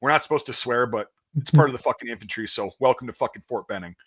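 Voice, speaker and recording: A man's voice: mid-range voice, fast talker, fairly bright tone, husky, muffled recording. A man voicing a furious, swearing male army drill sergeant who barks profane orders. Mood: gruff.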